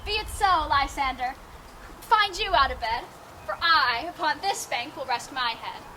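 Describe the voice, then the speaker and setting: A woman's voice: high voice, animated, unhurried, exaggerated voice, poor audio. A woman playing Hermia, a modest, loving young noblewoman, with earnest verse delivery in outdoor Shakespeare stage acting. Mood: coy. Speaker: stage actor. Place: outdoor town square. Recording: outdoor performance with loud background noise.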